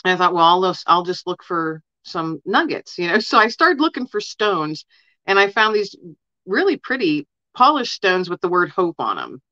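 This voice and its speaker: A woman's voice: lowish voice, big pitch swings, moderate pace, sharp tone, dry recording, lo-fi sound. A woman guest in an interview, earnestly telling personal stories in a casual way and often saying "you know". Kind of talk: casual storytelling.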